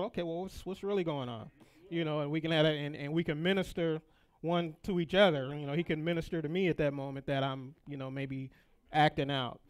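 A man's voice: fairly high pitch, smooth. A middle-aged man teaching a Sunday school Bible lesson in church, rambling with folksy asides and repeated words.

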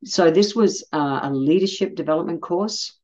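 Aussie woman, middle-aged, low voice, blunt and sweary, kinda dull lo-fi sound. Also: normal speed. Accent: Australian. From Australia. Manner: blunt, swears freely, animated when quoting. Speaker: podcast host. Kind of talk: casual storytelling monologue.

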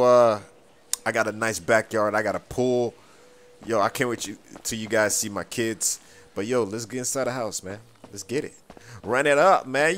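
A young man giving casual, slangy role-play commentary over a game, excitable, with sudden high whoops and yelps. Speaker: gaming YouTuber.

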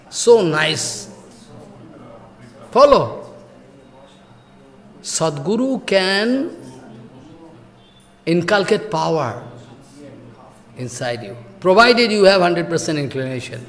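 A man with a high voice tells a devotional story in simple non-native English. He acts out the quotes and keeps asking his listeners if they follow. The voice hangs in a long echoing hall. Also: sing-song, slow pace, pauses often, fairly bright tone. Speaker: spiritual teacher.

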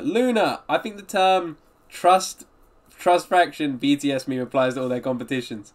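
A man's voice: fairly high pitch, moderate pace. A man live-streaming a reaction, chatting upbeat with his viewers and greeting them by name. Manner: upbeat, greets and answers viewers' chat often.

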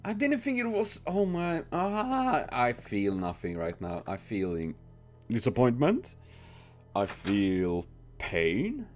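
A man giving let's play commentary, exasperated and swearing constantly, with sudden loud outbursts. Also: mid-range voice, expressive, measured pace, faint music behind. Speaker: gaming channel host.

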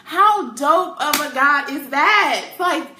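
A woman's voice: high-pitched, slow, a little hiss or hum. Emphatic woman sharing her faith testimony. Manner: excited, emphatic, slangy with "dope" and "y'all". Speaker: testimony speaker. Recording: echoey room.

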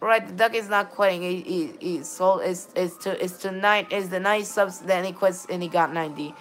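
Soft music plays behind this gaming livestreamer as she talks casually with her audience at a moderate pace. Her voice is on the low side, and she keeps stumbling, starting over, and dropping in "all right, then."

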